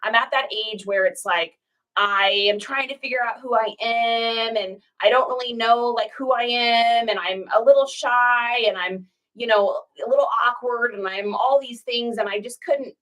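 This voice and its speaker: A woman's voice: a little high, normal speed, fairly bright tone, highs cut off. Forty-something woman from washington, rambly chatty storyteller, sounds a bit far from the mic. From Washington State, US. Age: 40s. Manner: rambling, chatty storyteller who breaks off to talk to her pet. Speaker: online reseller host. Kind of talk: casual chat while packing orders.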